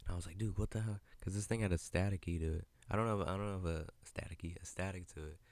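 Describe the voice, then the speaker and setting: A man's voice: low-pitched, fairly even intonation, rapid-fire, dry recording. A young man hosting a casual solo podcast, rambling in a laid-back way, swearing and laughing often, on a podcast mic. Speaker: podcast host. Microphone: podcast mic with headphones.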